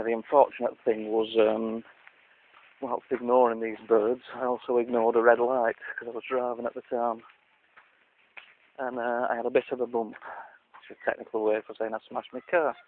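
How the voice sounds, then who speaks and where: A man's voice: medium pitch, little pitch movement, moderate pace, long pauses. A man rambling through an outdoor video diary in a dry, self-mocking way. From Lancashire, England. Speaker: vlogger. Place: outdoors at a country park. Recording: tinny, lo-fi with faint hiss.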